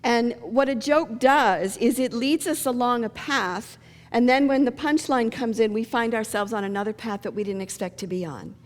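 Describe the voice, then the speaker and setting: A woman's voice: a little high, moderate pace. A middle-aged woman pastor giving a sermon, telling stories and jokes. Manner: storytelling with jokes. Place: church sanctuary. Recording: long church reverb.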